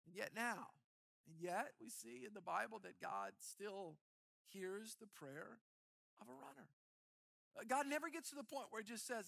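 A middle-aged pastor delivers an animated sermon, often repeating words as he builds momentum. His voice sits high and sounds sharp and forceful, with a gravelly grain. The recording is dry and close, with no room echo. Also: moderate pace. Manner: animated preaching, repeats words when worked up.

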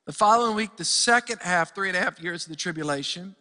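Male pastor, energetic sermon delivery, crisp bright tone, long church reverb. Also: sits high, fast. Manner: energetic storytelling with many restarts. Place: church sanctuary.

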